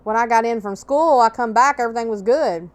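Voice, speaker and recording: A woman's voice: a little high, a little fast, clear, resonant tone. Blunt, profane woman telling her story. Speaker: podcast host. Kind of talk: personal storytelling monologue.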